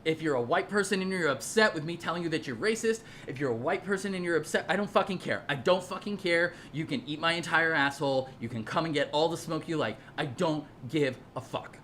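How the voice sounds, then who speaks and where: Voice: medium pitch, brisk, hardly any pauses, fairly bright tone, a little hiss or hum. A speaker telling a personal story in a casual monologue, heated and profane, rambling with frequent repeats and restarts.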